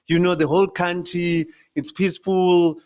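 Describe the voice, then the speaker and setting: South African host man, slightly high voice, lively storyteller, probing questions. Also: moderate pace. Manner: lively storyteller, asks pointed questions, laughs along. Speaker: show host. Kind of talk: casual chat.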